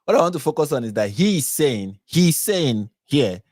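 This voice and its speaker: A man's voice: a little high, big pitch swings, moderate pace, darkish tone, dry recording, clean studio sound. Chatty Nigerian man hosting a live stream. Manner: chatty, laughs often, restarts and corrects himself. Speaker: live-stream host reacting to videos. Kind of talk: casual live-stream commentary.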